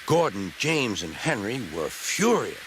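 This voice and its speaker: A man narrating a storybook show in a slow, gentle storytelling manner. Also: on the low side, sing-song, noisy background. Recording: background music.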